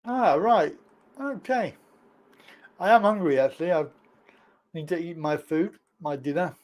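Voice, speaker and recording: A man's voice: fairly high pitch, measured pace. A man hosting a casual livestream chat, laid-back and teasing with his callers. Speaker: livestream host.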